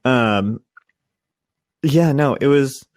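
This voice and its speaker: Slow-talking young man joking around. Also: mid-range voice. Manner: slow, joking, laughs often. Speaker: podcast co-host. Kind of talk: casual chat.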